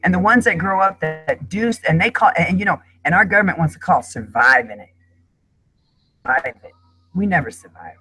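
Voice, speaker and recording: A woman's voice: lowish voice, expressive, brisk, bright, forceful tone, husky, dry recording, faint music behind, poor audio. A middle-aged woman speaking as a guest in an emotional panel discussion, talking in an impassioned, emphatic way.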